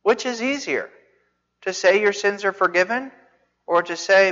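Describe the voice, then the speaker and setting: A preacher giving a sermon, telling the story with animated asides, rhetorical questions and jokes. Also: medium pitch, unhurried. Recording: dull reverberant hall recording.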